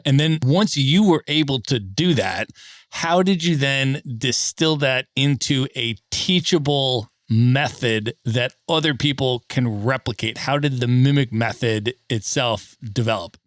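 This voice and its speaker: A man hosting a podcast, asking his guest questions with quick enthusiasm. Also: mid-range voice, dry recording, clean studio sound. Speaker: podcast host. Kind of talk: interview questions.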